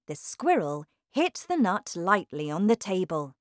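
Slow, expressive woman storybook reader. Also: fairly low pitch, background noise. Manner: slow, careful, expressive reading. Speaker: narrator. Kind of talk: children's storybook reading.

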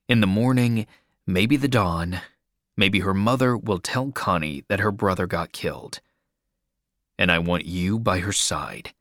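A man plays a composed male adviser holding himself together. He speaks low, calm and firm, in slow and clipped instructions. The sound is close and dry. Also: no room sound. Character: calm, controlled male family adviser under strain.

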